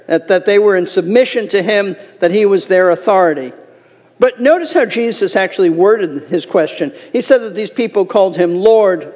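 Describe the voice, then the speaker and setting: A man's voice: sits high, darkish tone, big-room sound. A man preaching a sermon as a pastor, earnest and emphatic, reading scripture aloud.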